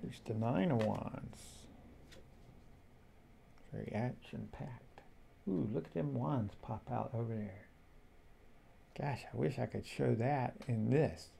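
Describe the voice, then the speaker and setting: Slow gravelly guy rambling to himself, dark mellow tone, a bit of hiss. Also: mid-range voice. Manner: slow, musing, talks to himself. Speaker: tarot deck reviewer. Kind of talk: casual flip-through commentary.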